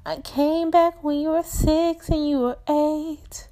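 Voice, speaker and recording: A woman's voice: sits high, level tone, takes it slowly, warm tone, voice pushed up. Woman voicing a pleading, hurt spirit-woman. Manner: repetitive, pleading, emotional. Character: desperate pleading woman, hurt, tired, accusing. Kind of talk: spoken word poetry.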